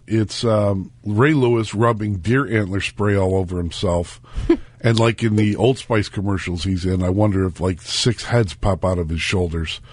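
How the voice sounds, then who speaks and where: Jokey, rambling radio host, dry sound. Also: male voice, fairly low pitch, dry recording. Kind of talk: casual radio banter. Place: radio studio. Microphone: studio mic.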